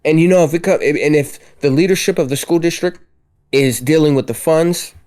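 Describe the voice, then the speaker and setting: A man who works as a teacher, co-hosting a podcast in relaxed, halting casual chat. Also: on the high side.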